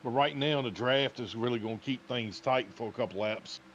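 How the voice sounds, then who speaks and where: Laid-back race analyst, mid-pitched man. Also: brisk, dull audio, a little hiss or hum. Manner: relaxed and analytical, many fillers. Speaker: color commentator. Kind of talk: live sim racing commentary.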